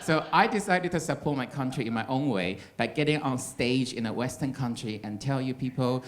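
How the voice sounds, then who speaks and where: A man's voice: mid-range voice, normal speed, hardly any pauses. A man from Taiwan, performing a stand-up comedy set with a cheeky, teasing delivery on a comedy club stage. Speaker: stand-up comic.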